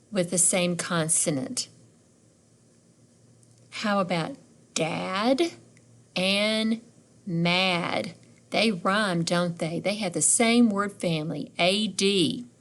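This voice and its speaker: A middle-aged woman leads a beginners' phonics lesson at a very slow, deliberate pace. She sounds out each letter and word family one piece at a time, then checks in with her young listeners through friendly questions. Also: medium pitch. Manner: sounds out letters and words slowly, encouraging questions. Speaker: teacher.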